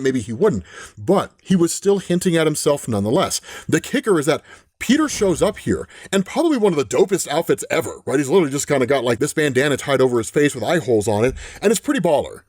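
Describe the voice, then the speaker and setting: A man's voice: fairly high pitch, no room sound, clean studio sound. A man hosting a casual comic book recap, talking animatedly and often checking in with the listener. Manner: animated, often adds "right?". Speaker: host.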